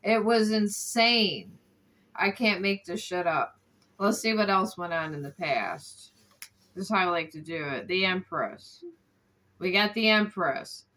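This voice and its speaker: A woman's voice: mid-range voice, bright, forceful tone, low-quality recording. A woman giving a casual tarot card reading, exasperated, who swears casually and scolds people off camera between cards.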